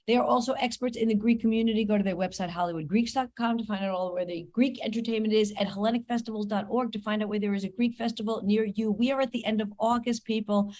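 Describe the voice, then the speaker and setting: A woman hosting a comedy podcast, chatting and reading ads with quick, self-mocking asides. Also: medium pitch, steady tone, a little mellow. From New York, USA. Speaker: podcast host. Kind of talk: casual podcast chat and host-read ads.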